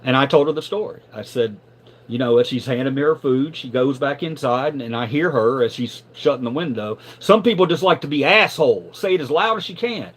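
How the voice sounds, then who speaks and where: A middle-aged man on a live stream telling a story casually, animated and profane, stumbling over repeated words when riled up. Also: mid-range voice, a little fast.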